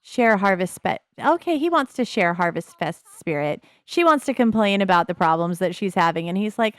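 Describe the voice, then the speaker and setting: A middle-aged woman chats through her gameplay in a relaxed, wry way, laughing at her characters. Her voice sits at an ordinary middle pitch. The sound is close and dry, with no room around it. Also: moderate pace, few pauses, no room sound. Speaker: let's play host. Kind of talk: casual gameplay commentary.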